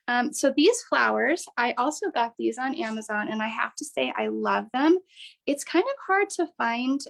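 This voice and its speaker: Chatty woman with a gravelly edge. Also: on the high side, poor audio. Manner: upbeat, chatty, encouraging. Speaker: workshop host. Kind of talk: live online craft workshop.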